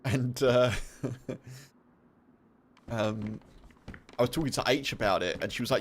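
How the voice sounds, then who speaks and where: A man's voice: mid-range voice, unhurried, long pauses, a little hiss or hum. Chatty British man streaming a game. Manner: chatty, laughing, rambling, full of fillers. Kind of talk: casual chat while streaming a game.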